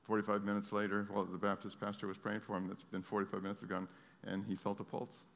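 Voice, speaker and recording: A man preaching a sermon, moving from loud, fervent pleading to quiet, earnest storytelling. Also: lowish voice, level tone, fast, creaky. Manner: swings from loud impassioned pleading to soft storytelling. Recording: long hall reverb.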